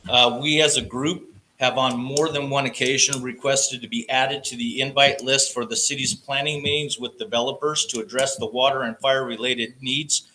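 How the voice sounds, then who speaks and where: A man's voice: medium pitch, fairly even intonation, normal speed, few pauses, pushed and bright, a little hiss or hum, poor audio. A man reading a prepared statement at a public meeting. He says he gets nervous and stutters. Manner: nervous, stutters, reads carefully. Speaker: public commenter, water company representative. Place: council chamber.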